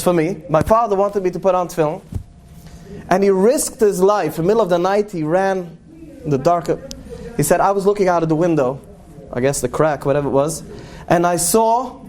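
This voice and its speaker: Earnest high-voiced man, tinged storyteller. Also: darkish tone. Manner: earnest, slows and lingers on key words for emphasis. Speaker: rabbi. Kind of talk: storytelling talk to an audience.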